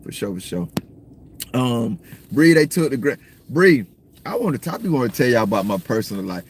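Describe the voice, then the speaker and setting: A man from the States, rambling through a casual livestream chat, slangy and cursing freely while he shouts out viewers. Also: mid-range voice, big pitch swings, moderate pace, husky. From Southern United States. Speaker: livestream host. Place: in a car at times.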